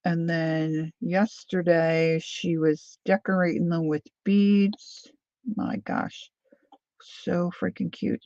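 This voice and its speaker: A woman with a fairly low, warm, level voice speaks slowly and with few pauses while hosting a crafting stream, rambling, making fun of herself, and greeting viewers by name. There's no echo, but the sound is dull and lo-fi.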